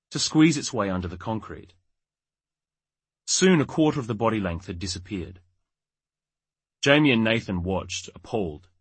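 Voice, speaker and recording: A man narrating an audiobook in a measured, wry storytelling manner. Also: fairly low pitch, fairly bright tone, husky, dry recording. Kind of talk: scripted narration.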